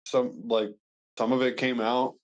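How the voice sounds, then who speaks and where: A man's voice: medium pitch, flat delivery, unhurried. A young man and father talking casually as a podcast guest, brash and boastful, swearing freely. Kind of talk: casual chat.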